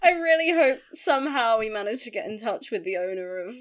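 A woman's voice: on the high side, lively intonation, brisk. A young woman co-hosting a casual chat, gushing and laughing often. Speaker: podcast co-host.

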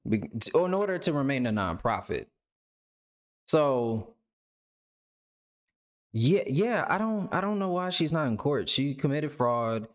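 A man's voice: medium pitch, very animated, measured pace, long pauses. A man hosting a reaction video, talking loosely and rambling with lots of filler words. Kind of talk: casual reaction commentary.

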